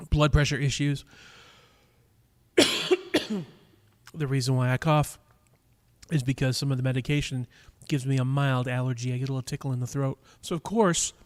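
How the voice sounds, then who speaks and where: Rambling man hosting a live stream. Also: mid-range voice. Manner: rambling, chatty, many fillers and restarts; teasing chat viewers. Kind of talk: casual live-stream chat. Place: cigar lounge. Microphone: microphone.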